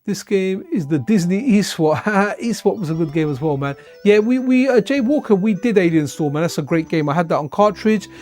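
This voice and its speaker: A man playing old console games on a live stream offers casual, rambling commentary, repeating himself, tired and yawning. He talks briskly with hardly any pauses in an expressive, slightly mellow, high-sitting voice, soft music in the background.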